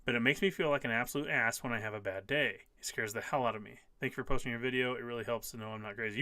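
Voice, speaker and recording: A man's voice: medium pitch, fairly even intonation, rapid-fire, hardly any pauses, bright, forceful tone, no room sound. A man in his fifties hosting a casual live stream, reading viewer comments aloud and answering them emphatically, often repeating key phrases. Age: 50s.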